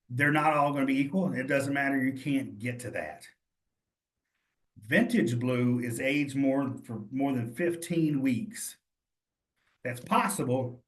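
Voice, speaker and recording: A man's voice: mid-range voice, echoey room. A man leading a cheese exam study session, reasoning through quiz answers aloud in a casual, encouraging way.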